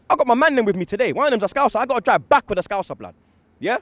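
A man's voice: extremely high pitch, animated, fairly bright tone, no room sound. A young man, heatedly ranting as a football fan after a match, emphatic and full of street slang. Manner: fast, emphatic, slang-heavy, repeats "blood" and "yeah". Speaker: football fan giving post-match reaction.

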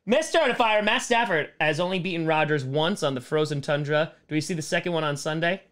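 A man in his thirties chats casually on a home live stream, reading viewer comments aloud and riffing on them with sarcastic jokes. His voice sits a little high for a man. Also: brisk, fairly bright tone. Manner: jokey, sarcastic, reads chat aloud and riffs on it.

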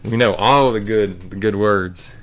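A man's voice: on the low side, measured pace. A man hosting a live trading card break, casually calling out each card as he opens packs.

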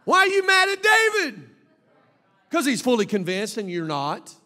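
A man preaching an emphatic, animated sermon as a pastor, with bursts of shouting. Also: very high voice, normal speed. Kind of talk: lively sermon. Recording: long reverb of a large hall.

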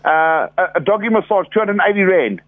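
A man's voice: sits high, lively intonation, quick pace. Swearing South African man on a phone. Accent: South African English. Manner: furious ranting, heavy swearing. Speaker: prank call victim. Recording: muffled phone line with noise.

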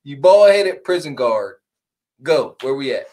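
A man's voice: mid-range voice, very animated, unhurried, warm tone. A man in his forties who co-hosts a podcast, reacting to a clip with blunt, mocking jokes. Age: 40s. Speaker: podcast co-host. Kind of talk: reaction commentary.

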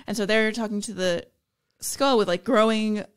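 A woman co-hosting a casual book podcast, telling the story in a lively way. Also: mid-range voice, normal speed, clear, resonant tone. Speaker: podcast co-host.

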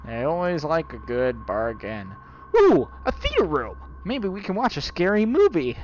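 A man's voice: on the high side, wildly swooping pitch, moderate pace, dull audio, slight background noise. A man playing a horror game and commenting, joking at the game's portraits and yelping when startled. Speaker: gaming YouTuber.

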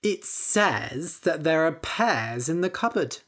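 A woman reading a storybook aloud, voicing a sly young male trickster with a smooth, scheming manner. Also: deep voice, very animated, slow, fairly bright tone, exaggerated voice.

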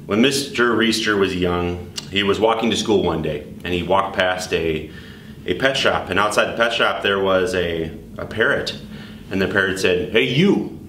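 A man reads school announcements and tells corny jokes in a deadpan, leisurely way. His voice sits a little low and sounds far from the mic in an echoey room. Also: normal speed, a little hiss or hum. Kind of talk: deadpan joke-telling announcements.

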